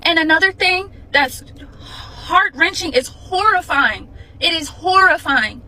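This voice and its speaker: A woman's voice: extremely high pitch, animated, a little slow, pushed and bright, poor audio. A woman working with children, ranting with exasperated indignation about a parent. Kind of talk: ranting commentary.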